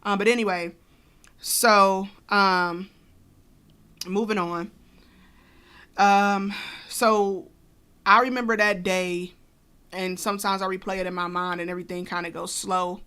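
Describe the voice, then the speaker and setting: A woman's voice: mid-range voice, fairly even intonation, measured pace, pauses often, sharp tone, smooth. A woman co-hosting a podcast, telling a personal story casually with many fillers and asides. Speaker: podcast co-host.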